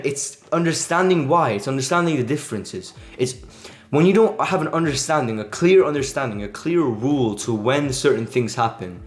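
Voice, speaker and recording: A man coaching Spanish grammar in a casual, emphatic way, repeating himself and restarting phrases as he explains. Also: mid-range voice. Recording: roomy echo with faint music.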